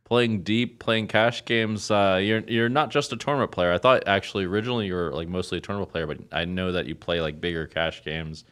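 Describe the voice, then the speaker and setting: A male podcast host with a low, smooth voice. He talks loosely and casually, padding his questions with fillers as he interviews a guest. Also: steady tone, fairly quick, few pauses, a bit bright.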